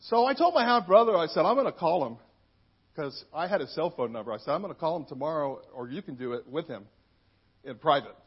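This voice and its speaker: Man, fifties, minister, high pitch, husky, candid storytelling, muffled lo-fi audio. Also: expressive, a little fast. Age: 50s. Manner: candid, storytelling, frequent asides. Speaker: minister giving a personal testimony. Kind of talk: conversational church testimony.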